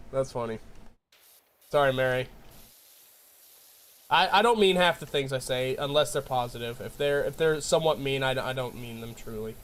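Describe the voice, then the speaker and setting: A man chatting casually on a live stream, joking and ranting in a rambling way and laughing often. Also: mid-range voice.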